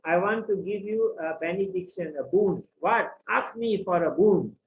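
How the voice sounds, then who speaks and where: A man's voice: high voice, normal speed, narrow, tinny audio, a little hiss or hum. A man voicing a lion-headed god, eager to grant. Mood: generous, insistent. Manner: insistent, eager to give. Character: wrathful lion-man male deity, pleased and generous. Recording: echoey room.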